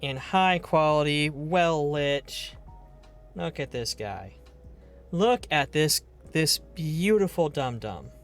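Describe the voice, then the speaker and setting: A man's voice: fairly high pitch, lively intonation, takes it slowly, faint music behind. A man streaming a game live, chatting casually in a rambling, playful way and swearing now and then.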